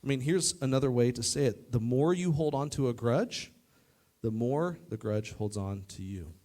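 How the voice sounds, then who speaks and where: A man preaching a youth sermon to a live audience, lively and joking, talking straight to the crowd. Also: mid-range voice, normal speed. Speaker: youth pastor. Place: church youth service in front of an audience.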